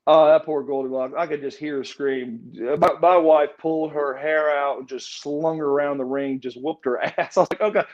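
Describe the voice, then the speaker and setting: Middle-aged male interview guest, high-ish voice, rambling storyteller who stammers and repeats words, lo-fi sound. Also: steady tone, normal speed, few pauses, a little mellow. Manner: rambling, repeats and restarts words, acts out quoted dialogue. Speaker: guest, former pro wrestler. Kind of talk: casual shoot interview storytelling. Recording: muffled lo-fi audio.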